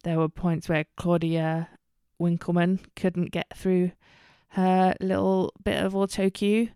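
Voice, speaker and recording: Woman, solo podcast host: unhurried, candid, um-heavy chat, smooth tone, dry close mic. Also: lowish voice, little pitch movement, warm tone, no room sound. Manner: chatty, candid, many ums and self-corrections.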